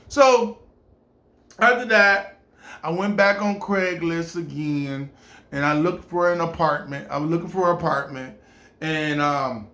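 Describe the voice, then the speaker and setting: Man telling a funny story, lots of uh um, gets loud and high, echoey room. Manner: animated, stammering, rising into shouts. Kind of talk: casual comic storytelling. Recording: roomy echo.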